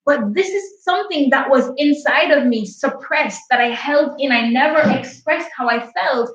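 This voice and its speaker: A woman's voice: high voice, expressive, normal speed, fairly bright tone. A woman in her late twenties hosting a livestream, telling a personal story in a candid, heartfelt, chatty way. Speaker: livestream host. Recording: echoey, distant and muffled.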